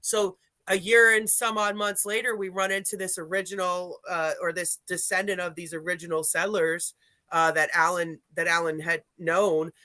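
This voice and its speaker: Bright, rambling paranormal storyteller. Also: medium pitch, little pitch movement, normal speed, dry recording. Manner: rambling, self-correcting storyteller. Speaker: paranormal investigator. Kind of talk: casual live-stream chat.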